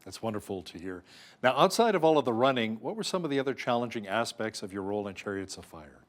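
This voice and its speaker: A man's voice: on the low side, animated, quick pace. A man interviewing an actor for a news program, asking questions in a friendly, conversational way.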